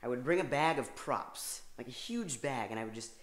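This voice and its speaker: A young man doing a stand-up comedy routine, telling a story in halting, rambling sentences full of restarts. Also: medium pitch, expressive, echoey room.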